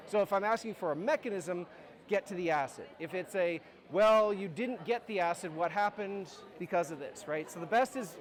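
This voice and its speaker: High-voiced male chemistry lecturer. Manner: informal, joking, frequent restarts and "right?". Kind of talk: classroom lecture. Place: lecture hall.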